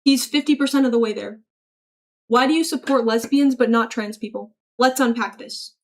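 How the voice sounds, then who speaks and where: High-voiced woman reading stream chat. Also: normal speed. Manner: chatty, reacts aloud while reading messages; swears freely, frequent laughter. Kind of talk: casual livestream chat reading.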